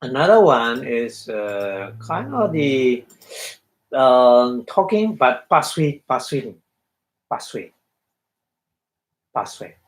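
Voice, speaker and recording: A man with a Burmese accent giving a Buddhist dharma talk, halting and full of fillers, acting out little quotes as he explains. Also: medium pitch, very animated, low-quality recording. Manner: halting, many fillers, acts out quotes with laughter. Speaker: Buddhist monk teacher.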